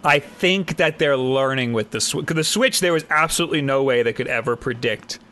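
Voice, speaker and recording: A man from Long Island hosting a live gaming podcast, telling quick, chatty stories in casual talk. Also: medium pitch, bright, forceful tone, a little hiss or hum. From Long Island, New York. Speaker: podcast host. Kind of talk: casual chat.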